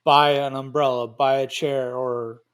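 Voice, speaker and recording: A man's voice: mid-range voice, little pitch movement, unhurried, clean tone. A man on a podcast as a guest in casual chat, laid-back and joking.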